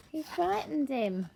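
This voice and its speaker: A middle-aged woman reading a picture book aloud in a sing-song, gently coaxing way. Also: sits high, creaky, background noise. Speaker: storyteller.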